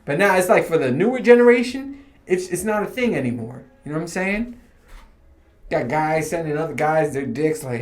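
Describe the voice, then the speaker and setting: A man with a voice pitched a bit higher than most men talks casually through a solo podcast. He rambles from story to story, swears freely, and breaks into laughter often. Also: expressive, normal speed. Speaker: podcast host.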